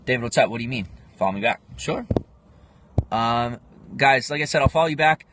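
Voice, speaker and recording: A man's voice: medium pitch, a little fast, background noise. A man in his twenties chatting casually on a livestream, rambling as he answers viewer comments. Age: 20s. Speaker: livestream host. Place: home livestream, in Pennsylvania.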